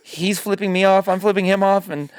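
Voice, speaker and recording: Fast and smooth, with a voice that sits high, a podcast host launches into a laid-back story full of cursing, performing each quote with animation. His sound is close-miked and dry, with no echo at all.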